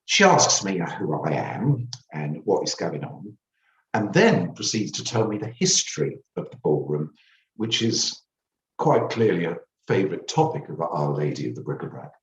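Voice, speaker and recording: Brief: male author reading his book, low voice with lively pitch, wry and theatrical, roomy sound. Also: moderate pace. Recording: roomy, distant mic.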